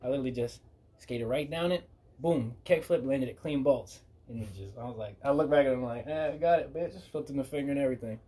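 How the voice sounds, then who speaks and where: A man hosting a podcast, telling loose, profane stories in a casual, animated way. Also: medium pitch, quick pace. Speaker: podcast host.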